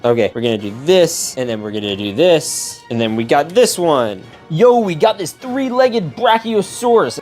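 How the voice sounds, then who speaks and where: A man hosting a casual toy-building video, chatty, excitable and jokey. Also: mid-range voice. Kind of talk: casual unboxing commentary.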